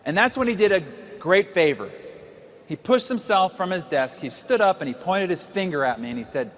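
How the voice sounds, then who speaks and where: A man's voice: sits high, animated, fairly quick, fairly bright tone, in a large hall. A man in his forties gives a seminar talk as a motivational speaker, emphatic and full of rhetorical questions. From United States. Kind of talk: seminar talk to a live audience.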